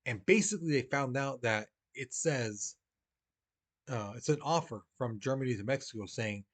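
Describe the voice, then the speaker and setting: A man teaching history in a relaxed, chatty way, his voice sitting at an ordinary middle pitch. He explains as if talking straight to his class and slips into quick acted-out voices for the people he quotes. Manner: casual and conversational, acts out quoted voices. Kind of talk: recorded history lesson.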